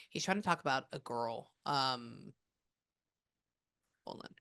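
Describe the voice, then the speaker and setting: A woman working as a medium, passing on a spirit's messages in a casual, chatty way with many pauses. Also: low-pitched, lively intonation. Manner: relays a spirit's words with quick asides and pauses. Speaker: psychic medium. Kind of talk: spirit reading session.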